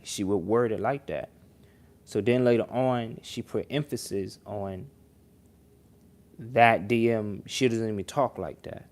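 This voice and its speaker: Rambling low-voiced man reacting on stream. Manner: rambling, conversational, lots of restarts and slang. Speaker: livestream reaction host. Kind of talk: casual reaction commentary.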